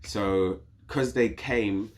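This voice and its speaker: A British man with a lowish voice who draws out his words, appearing as a guest on a podcast. In relaxed conversation he tells a story with lots of animation, performing the voices of the people he quotes.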